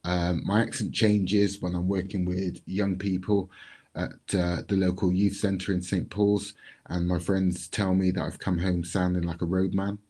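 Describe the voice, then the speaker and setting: A man tells a personal story in a low, mellow voice. He speaks in a measured, reflective way and leaves pauses between thoughts. His tone is warm and relaxed. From Bristol, England. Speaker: community speaker.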